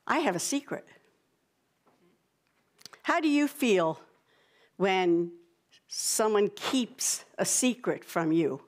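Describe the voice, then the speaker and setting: A woman pastor in a church sanctuary, leading a prayer and giving a playful, coaxing children's sermon. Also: medium pitch.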